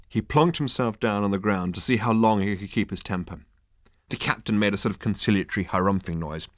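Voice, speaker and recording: A man's voice: on the low side, a little fast, no echo. A man narrating an audiobook in a dry, wry storytelling manner.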